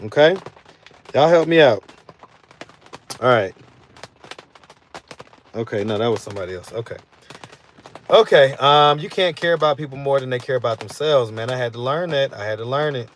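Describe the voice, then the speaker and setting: This street interview channel host talks at a moderate pace in a mid-range voice, leaving long pauses as he reads out comments on his live stream. His chat is casual and meandering, peppered with fillers such as "you know what I'm saying." A slight hiss or hum sits under the audio.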